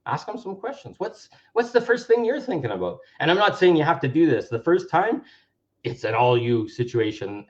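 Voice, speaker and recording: A man's voice: mid-range voice, darkish tone. A man giving an earnest, reflective self-help talk, now and then acting out what people say. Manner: earnest, acts out quoted voices. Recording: dull lo-fi sound.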